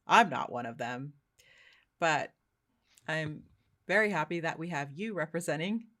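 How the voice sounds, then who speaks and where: A woman from Finland hosts a relaxed interview with a friendly manner and an easy laugh. Her pitch moves a lot as she talks. Her tone is bright and clear. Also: unhurried. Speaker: host. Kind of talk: casual interview.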